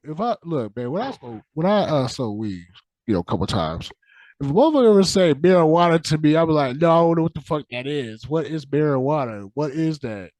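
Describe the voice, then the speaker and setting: A man's voice: fairly high pitch, dry recording. A man ranting casually as a podcast host, profane and repetitive, restarting often and trailing off into fillers. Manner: animated, profane, repeats himself, trails off with fillers. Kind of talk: casual rant.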